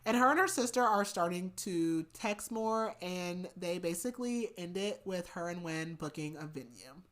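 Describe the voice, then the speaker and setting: A woman's voice: lowish voice, animated, normal speed. A woman co-hosting a book podcast, casually retelling a novel's plot with lots of "like" and "um". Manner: chatty retelling with many likes and ums. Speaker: podcast co-host.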